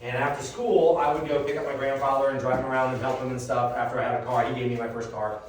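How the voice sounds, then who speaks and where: A man giving a reverse mortgage seminar, telling a long personal story in a casual, animated way. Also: medium pitch, fast. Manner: animated, conversational, swears casually. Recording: echoey room from a distant mic.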